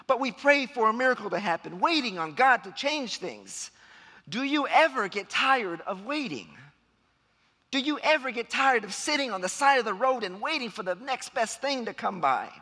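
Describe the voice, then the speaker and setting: High, lively preacher in a reverberant church. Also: male voice, moderate pace. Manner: dramatic storytelling, acting out shouts and voices. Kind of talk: sermon. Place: church sanctuary. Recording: long hall reverb.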